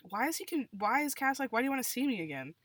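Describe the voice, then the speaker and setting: A woman's voice: sits high, big pitch swings, very fast, a bit bright, no echo. A woman co-hosting a casual podcast, butting in with blunt, sweary reactions. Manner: interjects with blunt swearing commentary. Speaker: podcast co-host listening and reacting. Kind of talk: casual chat.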